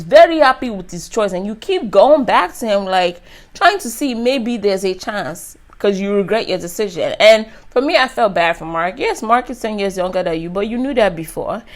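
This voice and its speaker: A young woman reviewing a reality show in a casual, chatty recap full of slang. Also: mid-range voice. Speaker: YouTube reviewer.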